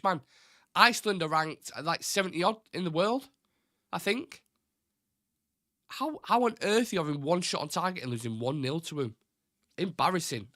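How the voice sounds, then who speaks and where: A young man with a bright, forceful voice rants bluntly through a casual live-stream chat, indignant and quick to swear. His nose is a little stuffed up, giving a faint nasal edge. The sound is dry and close. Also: mid-range voice, dry recording. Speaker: host of a fan livestream.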